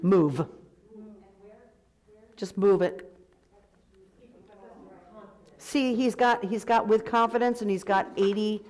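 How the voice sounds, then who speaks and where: A woman's voice: medium pitch, slow, long pauses, darkish tone. A woman directing a choir rehearsal, counting beats aloud and sometimes singing the counts to demonstrate. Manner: sings short count phrases to demonstrate. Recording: music heard clearly behind the voice.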